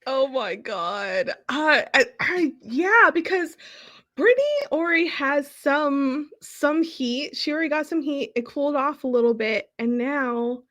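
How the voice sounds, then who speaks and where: A woman hosting a podcast, talking in a high, bright voice. She takes her time and chimes in with emphatic agreement as the chat goes along. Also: unhurried. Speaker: podcast host. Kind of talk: casual recap chat.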